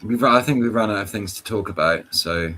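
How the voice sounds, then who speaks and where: A man's voice: lowish voice, fairly quick, bright, forceful tone, a little hiss or hum. A man chatting easygoingly on a live call, talking hesitantly with a few stumbles. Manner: easygoing, hesitant, with fillers and restarts. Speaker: participant in open discussion. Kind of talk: casual chat on a live voice call.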